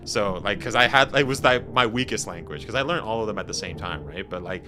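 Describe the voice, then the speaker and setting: A man from Canada chatting casually with his viewers on a game stream, animated and slangy, laughing often. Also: on the low side, a little fast, hardly any pauses, music in the background. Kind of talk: casual live-stream chat.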